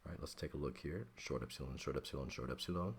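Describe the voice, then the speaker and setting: A man's voice: extremely low pitch, fast talker, gravelly, husky. A man teaching a Greek grammar lesson, working patiently step by step and often checking in with "okay?".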